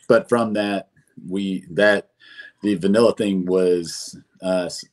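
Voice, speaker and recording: Deep-voiced man chatting with fillers. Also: fairly even intonation, slow pace. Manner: rambling, with many fillers and restarts. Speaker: brewery co-founder guest. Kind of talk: casual chat.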